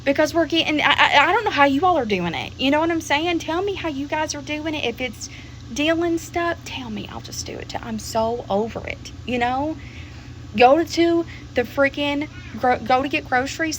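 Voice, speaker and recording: A woman's voice: high voice, a bit bright, slight background noise, poor audio. A woman venting to camera in an exasperated way, often repeating herself and swearing mildly.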